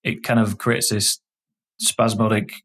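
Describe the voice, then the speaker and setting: A man's voice: fairly low pitch, little pitch movement, a bit bright. A man with a Yorkshire accent, a game developer guest in a casual podcast chat, thinking aloud and restarting his sentences often. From Yorkshire, England. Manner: thoughtful, halting with many restarts.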